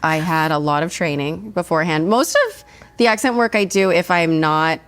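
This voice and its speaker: A woman chatting as a guest over tea, gushing and expressive. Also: low-pitched, moderate pace. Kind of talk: casual chat.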